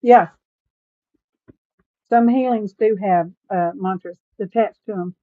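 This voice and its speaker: A woman hosting a casual crafting livestream, chatty and folksy and quick to laugh. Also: mid-range voice, dry recording. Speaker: livestream host. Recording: tinny phone-like sound, dry.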